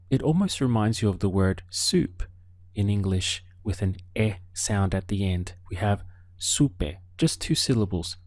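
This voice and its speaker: A man with a lowish voice gives a Spanish lesson, speaking very slowly and spelling out words syllable by syllable. The recording is dry and close, with no room sound. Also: darkish tone, dry recording. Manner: slow, deliberate explaining with careful word-by-word modeling. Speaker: Spanish teacher. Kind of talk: online language lesson.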